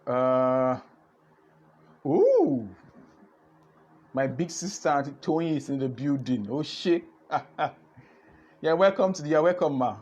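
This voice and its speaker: Animated Nigerian man hosting a live stream. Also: medium pitch, normal speed, lo-fi sound. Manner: animated, repeats words, switches into pidgin. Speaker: host of an online business session. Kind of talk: lively live-stream talk.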